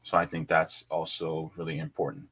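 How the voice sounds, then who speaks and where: A man's voice: extremely low pitch, flat delivery, normal speed, fairly bright tone, breathy edge. A man hosting a casual livestream, chatting with viewers, reading web pages aloud and laughing easily. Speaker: livestream host.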